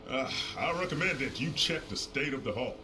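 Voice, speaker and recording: A man's voice: medium pitch, lively intonation, brisk, natural voice. A man voicing a male ship crewman in a game who urgently warns his captain in clipped orders. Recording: distant voice with loud noise.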